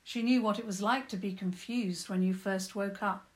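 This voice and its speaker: A woman calmly and gently narrating a children's story. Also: mid-range voice, moderate pace.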